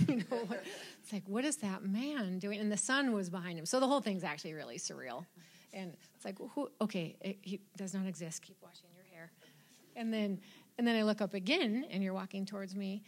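A woman telling a personal story in a chatty, lively way, acting out her own thoughts. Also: mid-range voice, brisk. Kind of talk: casual storytelling.

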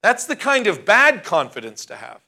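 Male pastor with a bright, slightly high voice preaching emphatically, slowing down to stress key points. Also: wildly swooping pitch, vocal fry. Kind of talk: sermon.

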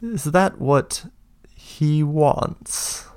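A man's voice: a little high, expressive, very slow, darkish tone, clear, resonant tone, pitched above the performer's own voice. A man voicing an eerie female elf prisoner who speaks in creepy questions.

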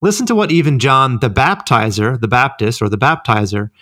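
A man's voice: mid-range voice, expressive, fairly quick, a bit bright, no room sound, clean studio sound. Man explaining scripture casually. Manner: explanatory, filler-heavy. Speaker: ministry podcast co-host. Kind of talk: conversational Bible teaching.

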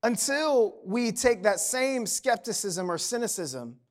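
A man's voice: high voice, expressive, measured pace. A man preaching a sermon in a conversational, humorous way, often checking in with "right?". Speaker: pastor.

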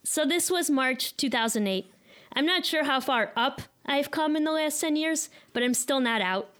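Woman, 30s, Chicago accent, live storyteller, self-deprecating and candid, slightly high voice. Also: animated, moderate pace, fairly bright tone.

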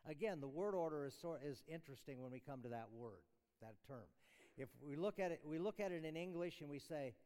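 A man's voice: fairly high pitch, clear, resonant tone. Earnest man preaching in a reverberant hall. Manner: earnest, explanatory, with restarts and soft chuckles. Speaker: chapel speaker. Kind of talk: sermon. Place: university chapel hall.

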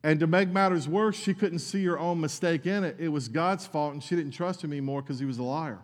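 A man's voice: a little high, brisk, big-room sound. A man preaching a sermon as pastor, earnest and conversational, with asides to his congregation.

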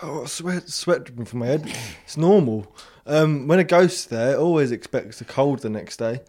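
A man's voice: medium pitch, moderate pace, a little mellow. A young man co-hosting a podcast, casually telling a ghost story and acting out the voices in it with a laugh. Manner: acts out voices in his stories, laughs often. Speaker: podcast co-host.

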